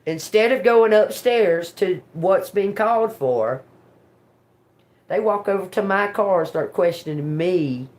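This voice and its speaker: A woman hosting a tarot livestream, telling a story in a casual, animated way, swearing freely and laughing often. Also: medium pitch, unhurried. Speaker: tarot reader livestream host.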